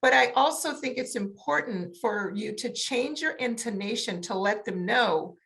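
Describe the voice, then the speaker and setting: A woman coach on a panel, explaining in a lively way and acting out examples with big changes in intonation. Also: on the high side, normal speed, gravelly. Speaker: autism communication coach. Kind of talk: panel discussion.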